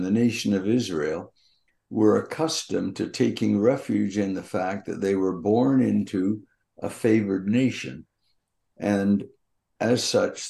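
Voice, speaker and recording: An older man on a Bible podcast, slowly teaching and reading scripture aloud in a measured way. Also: on the low side, creaky, mellow.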